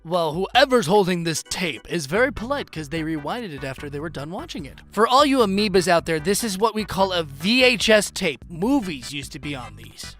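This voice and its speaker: A man reading funny posts aloud in a jokey, animated way, swinging from deadpan to loud. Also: sits high, moderate pace, few pauses, soft background music. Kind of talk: comedic reading.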